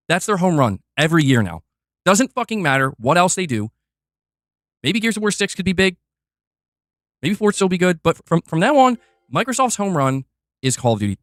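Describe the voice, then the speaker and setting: A man's voice: fairly high pitch, very animated, a bit bright, no echo, clean studio sound. Fired-up man ranting about games. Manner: fiery, exasperated, profane, talks fast in bursts. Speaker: gaming commentator reacting to a video. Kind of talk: heated reaction rant.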